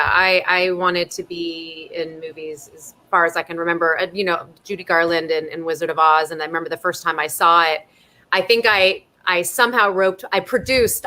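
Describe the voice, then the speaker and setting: A woman's voice: lowish voice, pushed and bright. A woman from Southern California, an actress chatting playfully and laughing often as a guest in a live online interview from home over a video call. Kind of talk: casual live interview chat.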